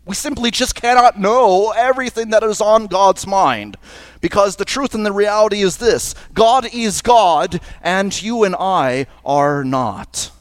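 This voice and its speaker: A male pastor delivers a sermon at a church service in a fairly high voice. He speaks earnestly and slows down to stress his key phrases. The sound is dry and close, with no room echo. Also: expressive. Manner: earnest, with slowed emphatic phrases. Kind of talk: liturgical sermon.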